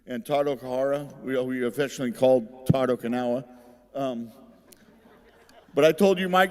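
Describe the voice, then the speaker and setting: Middle-aged man, folksy storyteller at an awards podium, mid-pitched voice, long hall reverb. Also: darkish tone. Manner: folksy storyteller, laughs at his own jokes. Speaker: hall of fame inductee giving a speech. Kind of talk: rambling humorous acceptance speech. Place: large ceremony hall.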